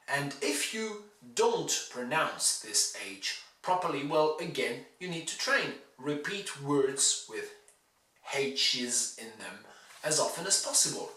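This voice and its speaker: A male teacher giving a pronunciation lesson, saying words slowly and stressing each syllable with care. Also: mid-range voice, expressive, sharp tone. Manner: slow, deliberate, exaggerated stress on words. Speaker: university English teacher. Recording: roomy, from a distance off mic.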